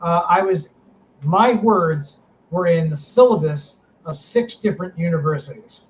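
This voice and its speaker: A middle-aged man hosting a casual podcast chat, running a paranormal team, ranting with animated energy and swearing freely. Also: on the high side, a little slow. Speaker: paranormal team director, host. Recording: slightly dull sound, faint noise.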